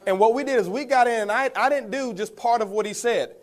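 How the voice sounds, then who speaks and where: Delivering a motivational talk, this network marketing speaker has an extremely high-pitched voice and goes a little fast. He shares his story with the crowd, addressing them as guys and chuckling as he speaks.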